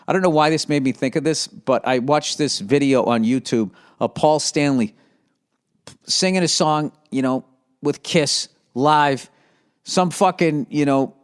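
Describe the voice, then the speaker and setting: A man with a slightly high voice rambles through his podcast. He swears freely and drifts from one casual story to the next. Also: clear, resonant tone. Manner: loose, profane, storytelling. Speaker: podcast host.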